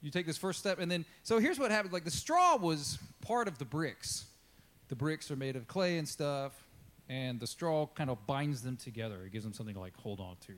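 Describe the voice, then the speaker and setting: Chatty preacher man with a higher voice. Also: lively intonation, moderate pace, fairly bright tone. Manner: casual and chatty, acts out quotes, asks the congregation questions. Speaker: pastor. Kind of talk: conversational sermon.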